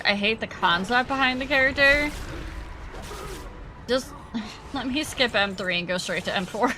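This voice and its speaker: A young woman streamer chats casually with her viewers while she plays. Her voice is bright and fairly high, and she greets people by name as she reacts to the game. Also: expressive, moderate pace, long pauses, slight background noise. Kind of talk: casual live-stream chat over gameplay.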